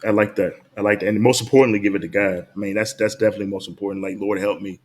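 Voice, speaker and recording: A man's voice: on the low side, steady tone. A man hosting a podcast, affirming his guest in casual chat. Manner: affirming, quick responses. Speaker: podcast host.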